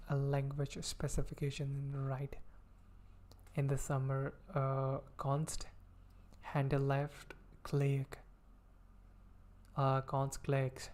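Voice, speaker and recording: A man's voice: on the high side, a little mellow. A man streaming himself coding, thinking aloud as he reads code, with playful asides. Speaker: livestreamer learning web development. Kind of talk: casual coding livestream.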